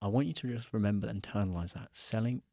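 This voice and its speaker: Young guy telling a sales story, low voice, acts out who said what, dry close sound. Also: rapid-fire, vocal fry, dry recording. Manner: animated, acts out quoted dialogue. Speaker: podcast guest. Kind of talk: casual storytelling.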